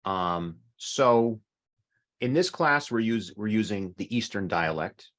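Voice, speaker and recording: A man's voice: fairly low pitch, expressive, slow, a bit bright. A middle-aged man teaching an online language class over a video call, patiently explaining with examples. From North America.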